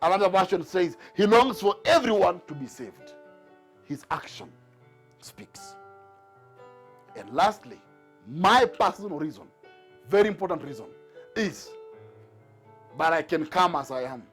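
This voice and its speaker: A man's voice: high-pitched, big pitch swings, unhurried, pauses often, soft background music. A man preaching a sermon to a Bible class, driving his points home with repeated rhetorical questions. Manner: emphatic, repetitive rhetorical questions.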